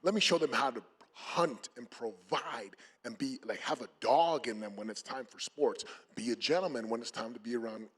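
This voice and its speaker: Male panelist, husky voice, earnest and emphatic, lots of restarts. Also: medium pitch, moderate pace, hardly any pauses, a bit bright. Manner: emphatic, many fillers and restarts. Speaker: panel speaker. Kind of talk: motivational panel talk.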